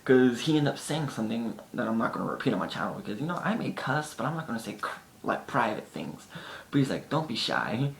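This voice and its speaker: A man's voice: very animated, quick pace, creaky. Chatty man vlogging in an echoey room. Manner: chatty, often acts out friends' lines. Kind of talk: casual storytelling to camera. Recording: echoey room with faint rumble.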